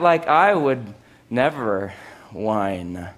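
A man preaching a sermon in an animated way, with loud exclamations, hushed asides and sarcastic, self-mocking humor. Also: medium pitch, takes it slowly. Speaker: pastor.

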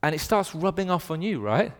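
A man in his thirties with a Northern English accent, preaching a lively sermon and telling stories with playful put-on voices. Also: on the high side, fairly quick, big-room sound. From north of England.

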